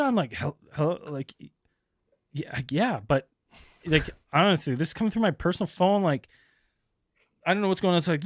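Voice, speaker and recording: Animated storytelling man, dry close mic. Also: fairly quick, no room sound. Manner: animated, swears a lot, acts out callers in high voices. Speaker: podcast co-host. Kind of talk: casual storytelling chat.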